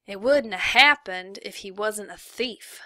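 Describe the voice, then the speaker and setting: A woman reading aloud plays a cold, scheming camp warden. Her defense comes smooth and calculated. The voice is bright and close. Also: medium pitch, unhurried, dry recording. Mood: defensive.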